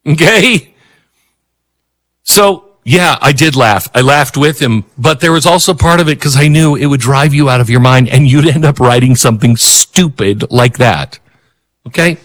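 Male commentary host: brisk, bright tone, sardonic and animated delivery. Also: medium pitch. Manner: animated, sarcastic, chuckling. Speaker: political talk show host. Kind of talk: opinionated commentary.

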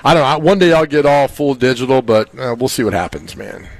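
A man hosting a casual sports talk show, telling stories and acting out quotes with big jumps in pitch. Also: fast, gravelly, no echo. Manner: animated storyteller, acts out quotes. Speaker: sports radio host.

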